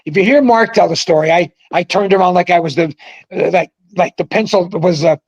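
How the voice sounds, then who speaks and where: Older male guest, a touch high-pitched, lively and profane raconteur. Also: fairly quick, rough recording. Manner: animated, profane anecdote-telling. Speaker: guest, former pro bowler. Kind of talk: casual storytelling.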